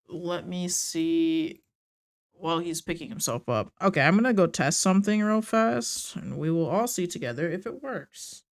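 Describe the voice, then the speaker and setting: A woman narrating a tabletop game as game master, in a casual, rambling way with fillers and laughs. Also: mid-range voice.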